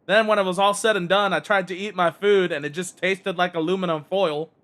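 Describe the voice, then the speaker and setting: Brief: male streamer, high bright voice, exasperated cursing rant while gaming. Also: steady tone, a little fast. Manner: exasperated, heavy swearing.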